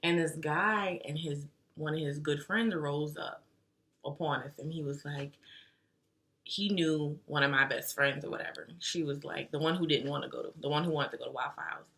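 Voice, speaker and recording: A woman's voice: low-pitched, steady tone, moderate pace, a bit bright. A young woman telling a story in a casual, slangy, chatty way to her vlog audience. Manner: slangy and chatty, with lots of fillers like "like". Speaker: vlogger.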